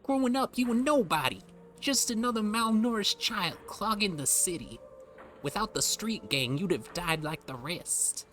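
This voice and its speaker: A man voicing a scrappy street urchin orphan in a game, with a high-pitched mock accent. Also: sing-song, a little slow.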